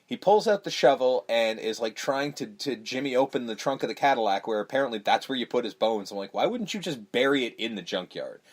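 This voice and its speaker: A man's voice: medium pitch, fairly quick, hardly any pauses. Profane man recapping a movie. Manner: profane, animated, acts out movie lines. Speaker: podcast host. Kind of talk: casual movie recap chat.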